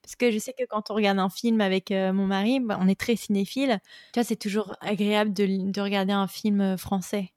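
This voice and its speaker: A French woman in her thirties with a French accent, hosting a casual podcast chat and switching between French and English, chatty and quick to laugh. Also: medium pitch, fairly even intonation, a little mellow. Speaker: podcast host.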